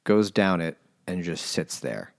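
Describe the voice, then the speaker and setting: A man with a very low voice recaps a book plot in a relaxed way. He drops dry, profane jokes as he goes. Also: a little slow, gravelly, dry recording. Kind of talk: casual book discussion.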